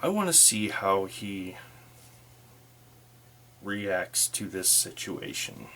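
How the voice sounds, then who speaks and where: A man narrates his solo tabletop roleplaying game, thinking aloud with fillers. His voice sits low and he takes his time. He sounds unhurried and casual. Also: very animated, pushed and bright, slight background noise.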